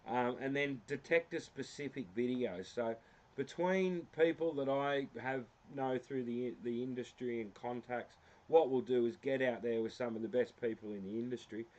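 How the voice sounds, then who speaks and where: An Australian man in an easygoing, rambling livestream, stopping often for ums and little jokes at his own expense. His voice sits at an ordinary middle pitch. The sound is a bit muffled and lo-fi, as if from a basic desk mic. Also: darkish tone. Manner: rambling, filler-heavy, self-deprecating. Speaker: livestream host. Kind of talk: casual livestream walkthrough. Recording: slightly dull lo-fi sound.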